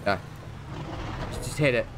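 Soft background music plays under this gaming streamer's unhurried, slightly bright voice. He talks casually through the game, rambling, making fun of himself, and occasionally yelping at what unfolds on screen.

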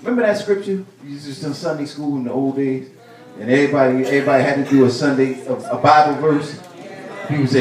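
A male pastor preaching a sermon, building to loud bursts and repeating his phrases. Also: medium pitch, fast. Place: church sanctuary. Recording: echoey church room, mic at a distance.

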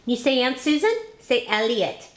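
An adult woman films at home in an echoey room, coaxing a toddler to say words in a sing-song baby-talk voice. Her voice is a little high and her pace is normal.

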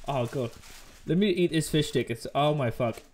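A man's voice: fairly high pitch, moderate pace, a little mellow, slight background noise. A man chatting casually on a live stream, joking and rambling while he eats at his desk mic. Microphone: desk microphone.

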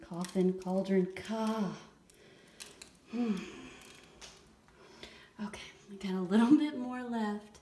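A middle-aged woman, gushing over a bath product demo and shifting between hushed whispers and excited exclamations. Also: mid-range voice, takes it slowly, pauses often, a little hiss or hum. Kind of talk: casual demo commentary. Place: bathroom by a tub. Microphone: handheld camera held away. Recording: echoey bathroom, mic at a distance.

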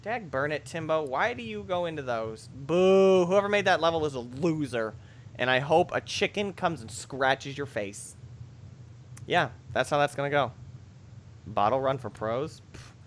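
Excitable young man yelling over gameplay. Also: fairly high pitch, moderate pace, a little hiss or hum. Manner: excitable, shrieks and yells in bursts, jokey asides. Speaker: gameplay commentator. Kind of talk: let's play commentary.

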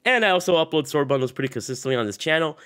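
A man's voice: fairly high pitch, expressive, very fast, a bit bright. A young man with a sick voice, giving casual, upbeat gaming commentary as a channel host, rambling with fillers. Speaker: gaming YouTuber.

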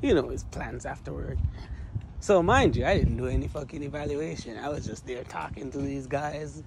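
A man vlogging in a relaxed, storytelling way, laughing often and swearing freely as he acts out what others said. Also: medium pitch, moderate pace, gravelly, background noise. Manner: animated, laughing, profane, slangy, quotes others in his telling. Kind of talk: casual storytelling.

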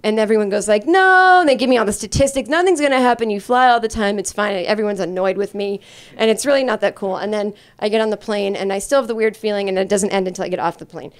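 A woman's voice: medium pitch, very fast, darkish tone. A woman performing a stand-up comedy set, telling a rambling, self-deprecating story full of fillers. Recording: live club recording with audience laughter. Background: audience laughter.

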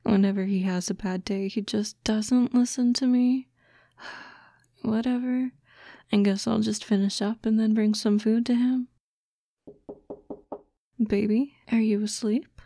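A doting, bossy fox-spirit girlfriend, played by a woman in a whispered role-play, with a mellow, dark tone. She coaxes and gently scolds at an unhurried, drawn-out pace. The sound is dry and close to the mic. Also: medium pitch, fairly even intonation, no room sound. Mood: exasperated. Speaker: ASMR voice actress.

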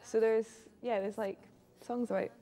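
A woman's voice: on the high side, fairly even intonation, measured pace, dark tone. A woman in her twenties, a singer-songwriter, chatting in a laid-back way in an interview. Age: 20s. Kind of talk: relaxed interview.

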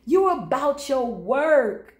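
A woman's voice: high-pitched, very animated, slow, echoey room. A woman giving a channeled tarot reading to her viewers, with a playful, teasing manner and sing-song greetings. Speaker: tarot reader.

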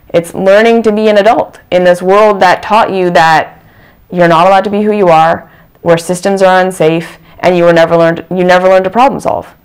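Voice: mid-range voice, smooth. A channel host giving a reflective self-help talk, earnest and repeating phrases for emphasis.

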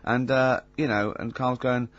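A man's voice: medium pitch, fairly even intonation, measured pace, a bit bright. An English man hosting a radio show, telling stories with chatty fillers and frequent laughter. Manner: chatty storyteller, laughs often, hesitant fillers. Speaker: radio host. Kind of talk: casual radio banter. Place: radio studio. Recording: slightly dull radio broadcast.

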